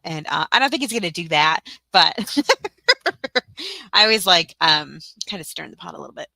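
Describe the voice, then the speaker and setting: A woman's voice: lowish voice, big pitch swings, normal speed, vocal fry, sharp tone, no room sound. A woman from Tennessee hosting a casual livestream tutorial, chatty and giggly, rambling with lots of fillers. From Tennessee, USA. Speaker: livestream host.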